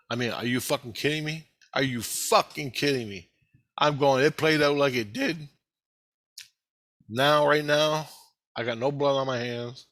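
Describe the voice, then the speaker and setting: A man's voice: medium pitch, a little slow, long pauses, a bit bright. A man talking in a rambling personal video monologue, heated and heavily profane. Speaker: vlogger.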